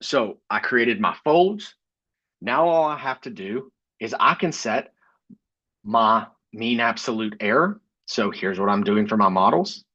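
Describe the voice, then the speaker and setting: Male instructor, low and slightly husky, casual step-by-step screencast delivery, dry muffled recording. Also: measured pace, dry recording. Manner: relaxed, thinks aloud with frequent fillers. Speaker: statistics instructor. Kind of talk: screen-recorded coding lesson.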